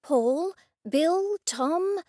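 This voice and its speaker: A woman's voice: very high-pitched, expressive, extremely slow, mellow, no room sound, studio quality, pitched above the performer's own voice, exaggerated voice. Narrator as a practical woman sleuth. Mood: matter-of-fact. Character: practical woman amateur sleuth, first-person heroine.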